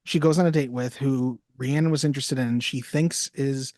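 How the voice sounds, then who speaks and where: On a film podcast, a male co-host chats casually in a wry, joking way, quoting lines in little voices. His medium-pitched voice is a little mellow with fairly even intonation and a moderate pace, recorded in clean studio sound with no echo.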